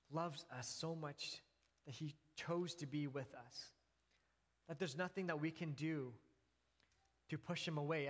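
An earnest male pastor preaching in a slightly high voice. He tells his story with restarts and the odd soft laugh, and his words ring out with the long reverb of a church hall. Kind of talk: sermon.

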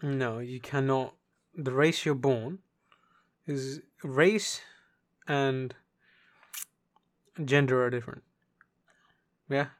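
A man's voice: mid-range voice, very slow, pauses often, no echo, clean studio sound. A young man with a casual, blunt and sweary way of talking, who laughs often, co-hosting a podcast. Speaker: podcast co-host. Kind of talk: casual chat.

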